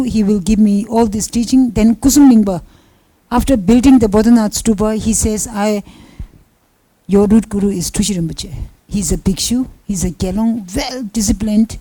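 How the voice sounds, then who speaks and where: A woman's voice: medium pitch, normal speed, warm tone, no echo, rough recording. A woman giving a Buddhist teaching talk, telling personal stories in simple non-native English and acting out the quoted dialogue. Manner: storytelling with acted-out quoted dialogue.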